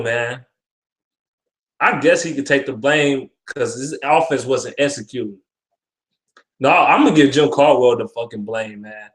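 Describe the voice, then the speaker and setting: A young man ranting with frustration about his football team, profane and repetitive. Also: medium pitch. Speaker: sports fan vlogger. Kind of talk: ranting sports commentary. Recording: echoey room.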